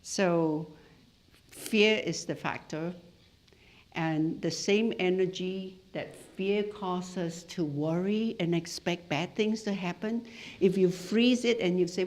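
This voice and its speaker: A middle-aged woman from Malaysia lecturing a class as a hypnotherapist. She tells stories in an animated way, her pitch swinging widely as she goes. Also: measured pace. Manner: storytelling, lively and animated, with laughs. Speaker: hypnotherapist giving a talk.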